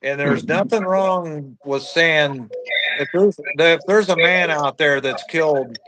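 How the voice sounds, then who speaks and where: A man's voice: a little high, slow, crowd noise, poor audio. A man from Iowa hosting a casual podcast chat, blunt and crude while agreeing readily with his co-host. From Iowa, USA.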